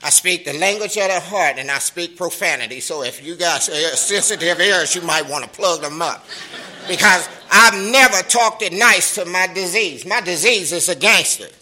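Speaking African American Vernacular English at normal speed in a high voice, a middle-aged man tells his recovery story at a meeting. He's animated and streetwise, swearing and laughing, and the recording is low quality.

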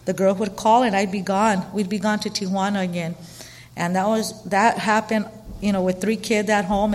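Woman, middle-aged, candid storytelling, chatty and animated, long reverb. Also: mid-range voice. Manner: chatty and animated, frequent fillers and quoted dialogue. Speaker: storyteller sharing her recovery story.

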